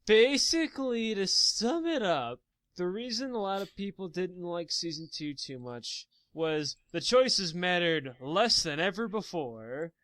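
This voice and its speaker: A man's voice: sits high, animated, a little slow, fairly bright tone, dry recording. A man co-hosting a casual gaming podcast, ranting profanely as he retells a story. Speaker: podcast co-host.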